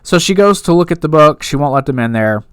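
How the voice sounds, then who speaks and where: A man's voice: fairly high pitch, animated, fast talker, clear, resonant tone, no room sound, clean studio sound. A man giving a casual, rambling recap and review of a TV episode, full of fillers and asides.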